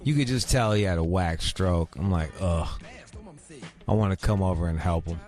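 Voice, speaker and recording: A man's voice: low voice, normal speed, darkish tone, faint music behind. Brash man hosting an uncensored radio show. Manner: crude, brash, rambling. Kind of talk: casual uncensored radio chat. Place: radio studio.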